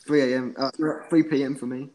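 A man's voice: medium pitch, fairly even intonation, brisk, crowd noise, poor audio. A man with an Australian accent, chatting casually and agreeably on a podcast, laughing often. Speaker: podcast guest.

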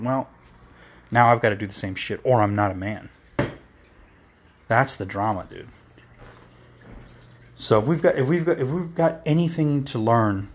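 Husky man ranting on his podcast. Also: medium pitch. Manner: profane, heated, rambling with restarts. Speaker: podcast host. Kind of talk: solo podcast rant.

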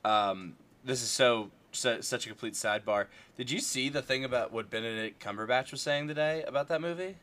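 A man's voice: mid-range voice, brisk, hardly any pauses, fairly bright tone. A young man chatting casually about a movie, rambling with lots of fillers and restarts.

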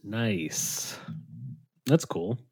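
Laughing, animated podcast host man. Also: on the low side, drawn-out words, slightly rough, no echo, studio quality. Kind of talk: casual chat.

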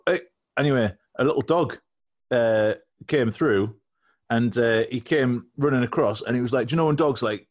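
A man co-hosting a podcast, telling a rambling, cheeky comic story and laughing at his own jokes. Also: medium pitch. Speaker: podcast co-host.

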